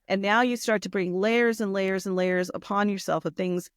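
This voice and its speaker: A woman's voice: medium pitch, steady tone, normal speed, smooth, dry recording, clean studio sound. A woman co-hosting a podcast, speaking in a reflective, affirming way in casual chat. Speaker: nonprofit founder, podcast co-host.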